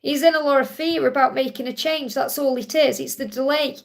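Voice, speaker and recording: High, gravelly-voiced woman tarot reader. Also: steady tone, brisk. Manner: reassuring, affectionate, addresses viewers directly. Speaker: tarot card reader and live stream host. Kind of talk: live tarot reading, answering viewer questions.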